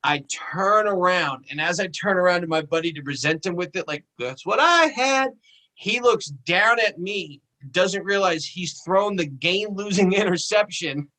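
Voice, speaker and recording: A man on a podcast telling a profane anecdote in a casual, animated way. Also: high voice, normal speed, hardly any pauses, poor audio. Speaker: podcast co-host. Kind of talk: casual storytelling chat.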